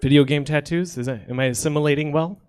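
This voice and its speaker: Apologetic stand-up comic from Ukraine. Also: male voice, fairly high pitch, fast, a little mellow, clean tone. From Soviet Union, Ukraine. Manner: self-deprecating, apologetic asides. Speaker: stand-up comedian. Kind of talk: stand-up set. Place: comedy theater stage, live audience.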